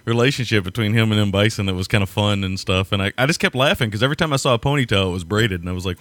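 A man co-hosting a casual podcast chat, laughing often and talking in halting restarts. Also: on the low side, fairly bright tone, dry recording. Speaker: podcast co-host.

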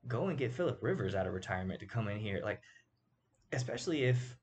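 Deep-voiced man riffing on football. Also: sing-song, fast, a little hiss or hum. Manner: emphatic, rhetorical asides. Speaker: sports show host. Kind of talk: casual sports commentary.

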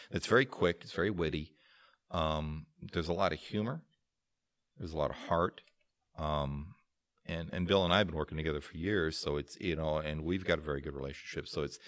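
A man's voice: rumbling low, a bit bright. A man who is a stage actor chatting casually, often repeating words as he starts a thought. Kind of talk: casual chat.

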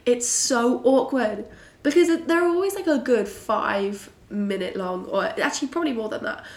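A young British woman hosting a casual solo podcast, bubbly and chatty with frequent giggles, her voice a little croaky and husky. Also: on the high side, expressive, moderate pace. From Britain. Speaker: podcast host. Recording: roomy echo.

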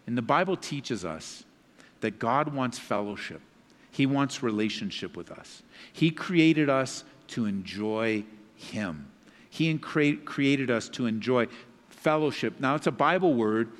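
Emphatic preacher man in a reverberant hall. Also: moderate pace. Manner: swings between loud emphatic passages and hushed low reading. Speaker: pastor. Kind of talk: sermon. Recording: long reverb of a large hall.

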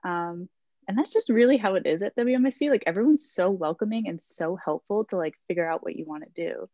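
A soft-spoken woman in her twenties answers questions on a college radio show, earnest and a little low-pitched. Her voice comes through dull and lo-fi, dry and close. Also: brisk, dry recording. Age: 20s. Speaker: radio show guest, student. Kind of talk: casual radio interview. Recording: dull, lo-fi line.

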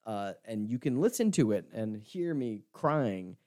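A young man chatting on a podcast, telling a story and breaking into laughter as he acts out what people said. His voice sits fairly low and has a mellow, warm tone. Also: unhurried. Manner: animated storyteller, acts out quotes, laughs often. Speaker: podcast co-host. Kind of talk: casual chat, telling a story.

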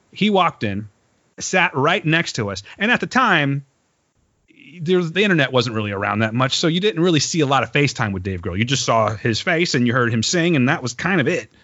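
A man tells a story in casual podcast chat, and he is animated, profane and quick to laugh. His voice sits in a middle register. The room sounds dry and the recording is slightly dull. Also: mid-range voice, dry recording.

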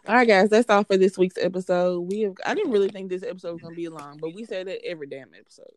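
A woman's voice: on the low side, fast talker, dry recording. A woman co-hosting a podcast in casual, playful chat, teasing her friends. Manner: playful and teasing, lively delivery. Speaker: podcast co-host.

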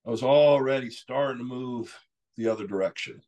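A middle-aged man from Texas, a podcast guest telling his story candidly, rambling and clearing his throat often. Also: mid-range voice, moderate pace, a little mellow. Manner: frequent "you know" asides.

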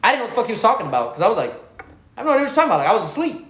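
A man telling stories in a loose, profane, slang-heavy way, his voice sitting a bit high and swinging up and down with energy. He laughs through the funny bits and sinks low and hushed when quoting someone. The room adds a noticeable echo. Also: huge pitch swings, racing. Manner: drops low and quiet when quoting others. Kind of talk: casual storytelling chat. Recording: roomy echo.

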